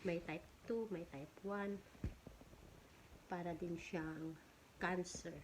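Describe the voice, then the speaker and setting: A woman's voice: fairly low pitch, steady tone, takes it slowly, slight background noise, poor audio. A woman, hosting an informal health explainer and mixing reading with loose explanation. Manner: switches between English and Tagalog, reading points then explaining loosely. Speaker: health talk host.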